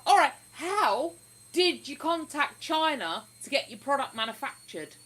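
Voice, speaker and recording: Livestream host: woman, slightly high, chatty and exclamatory, reading viewer comments. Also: lively intonation, unhurried, fairly bright tone, poor audio. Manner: chatty, exclamatory, lots of "ooh".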